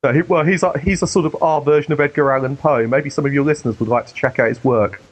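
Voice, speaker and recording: A man's voice: fairly high pitch, quick pace. A man from Britain, a guest in a casual radio interview, eager and stumbling over his words. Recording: dull lo-fi radio sound.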